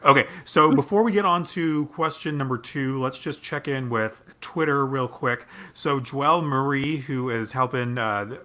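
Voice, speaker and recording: A man's voice: medium pitch, measured pace, hardly any pauses, pushed and bright. A man hosting a livestream chat over a video call, upbeat and reading viewer comments aloud. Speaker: host.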